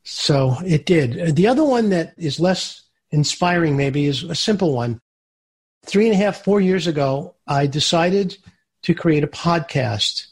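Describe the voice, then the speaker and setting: Animated husky-voiced male storyteller. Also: fairly high pitch, unhurried. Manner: animated storyteller who acts out quoted voices. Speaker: guest, entrepreneur. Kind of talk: storytelling interview answers.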